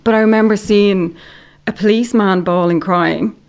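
An Irish woman from Ireland, a podcast guest telling a story in casual chat, animated and full of "like". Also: medium pitch, moderate pace. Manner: animated storyteller, heavy use of "like".

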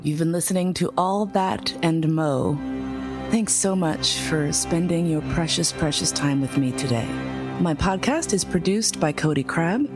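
A woman hosting her own podcast, speaking earnestly and emotionally to listeners, with frank, profane warmth. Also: sits low, measured pace, over music. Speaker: podcast host. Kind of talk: heartfelt solo podcast monologue.

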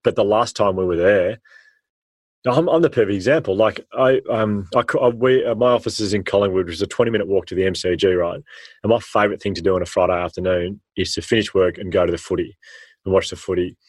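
An Australian man in his thirties, a guest telling stories in a casual interview, animated and acting out the voices he quotes. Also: low voice, fast, no echo.

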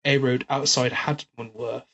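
A man's voice: medium pitch, steady tone, unhurried, bright, forceful tone, breathy edge, muffled recording. A man co-hosting a pub podcast, telling jokey anecdotes and swearing freely in casual banter. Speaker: podcast co-host.

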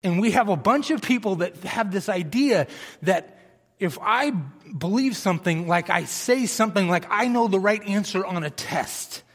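Man, sermon, high voice, passionate, emphatic, reverberant hall. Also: lively intonation, normal speed. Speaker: preacher.

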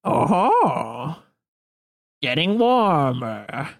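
A crinkly old reptilian man with a smug, coy streak, played by a man as game master. His voice leaps high into squeaky, drawn-out exclamations and swings all over the place. He speaks slowly, savoring each tease. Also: sing-song, full character voice. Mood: gleeful.

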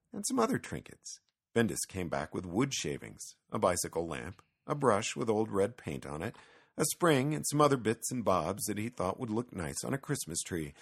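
A man narrating a children's storybook in an expressive, storytelling way. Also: on the low side, creaky, husky.

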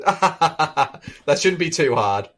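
Excitable podcast host with a lively voice. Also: drawn-out words. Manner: excitable, breaks into high shrieking laughter. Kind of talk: casual movie-riffing podcast chat.

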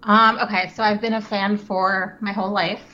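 A woman in her thirties, guesting on a podcast, chats in a friendly, candid way. Her mid-range voice is sharp with a level tone and moderate pace, and the recording sounds dull and lo-fi.

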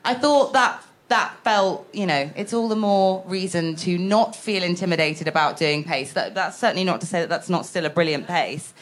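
Woman host, lowish voice, playful, self-deprecating, live-event chat. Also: moderate pace, few pauses. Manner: jokey, self-mocking, presents facts playfully. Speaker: podcast co-host. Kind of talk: casual live podcast chat.

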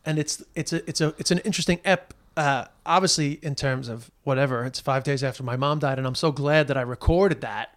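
A man's voice: medium pitch, fairly quick, hardly any pauses. A man hosting his own podcast, talking in a loose, rambling way with plenty of fillers. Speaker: podcast host. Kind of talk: casual podcast chat.

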